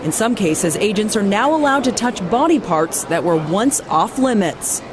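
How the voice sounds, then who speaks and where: A woman reporter reading a scripted television news piece in a measured delivery. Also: mid-range voice, animated, background noise.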